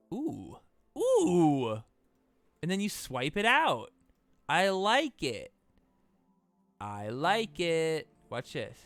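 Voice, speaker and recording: Young man, gaming streamer, casual profane chat, excitable, forceful bright voice, faint background music. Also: mid-range voice. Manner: excitable, profane, exclaims in disbelief.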